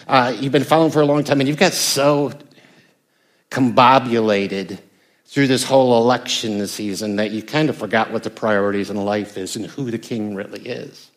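An older American man, a pastor, preaching a conversational sermon with emphatic bursts. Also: medium pitch. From United States.

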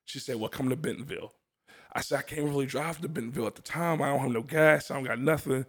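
This young man talks quickly, his medium-pitched voice fairly bright, while sharing his personal testimony casually. He tells the story with earnest conviction, laughing frequently and restarting phrases.

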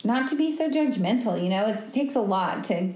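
A woman's voice: medium pitch, expressive, fairly quick, a little mellow. A young woman co-hosting a podcast, chatting casually, laughing often and acting out what people said. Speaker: podcast co-host. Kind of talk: casual chat. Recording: echoey room.

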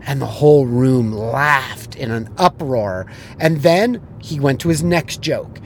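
Blunt, animated man telling a story. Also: medium pitch, takes it slowly, slight background noise. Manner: animated storyteller who acts out the people he quotes; blunt and profane. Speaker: business coach. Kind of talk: storytelling and sales advice.

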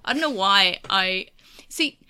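Aussie woman rambling on a podcast, bright voice, lots of restarts. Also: medium pitch, animated, unhurried, clean tone. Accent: Australian. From Australia. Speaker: podcast co-host. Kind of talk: casual chat.

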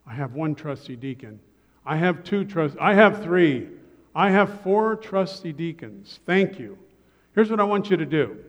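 A male pastor giving a sermon to his congregation, relaxed and joking in asides. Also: a little high, in a large hall. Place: church sanctuary.

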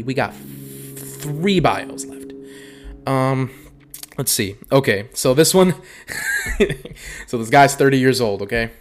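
A young man hosting a podcast, reading dating bios aloud and riffing on them with profanity and frequent laughter. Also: mid-range voice. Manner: profane, animated, laughs a lot. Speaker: podcast host. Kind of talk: casual comedic commentary.

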